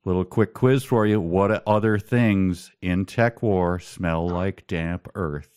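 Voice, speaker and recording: A man co-hosting a podcast, chatting casually about a book with a wry, sarcastic manner and halting restarts. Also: low voice, darkish tone, clear, resonant tone. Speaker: podcast co-host.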